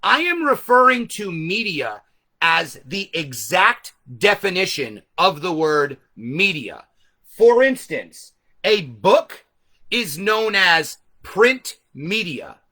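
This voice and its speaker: Loud, animated man explaining to viewers. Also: high-pitched. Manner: speaks loudly. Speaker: host. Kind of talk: live stream talk to viewers. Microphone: camera set back from him.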